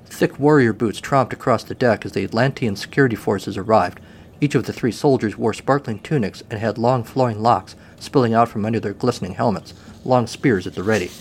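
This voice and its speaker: A man's voice: fairly low pitch, quick pace, a little hiss or hum. A man narrating a comic story in a dry, wry way.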